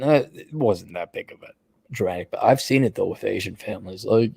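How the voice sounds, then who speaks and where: A man hosting an advice show, ranting bluntly and profanely, his voice jumping between high mocking outbursts and low mutters. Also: a little fast, gravelly, darkish tone, no room sound, clean studio sound. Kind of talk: profane advice livestream rant.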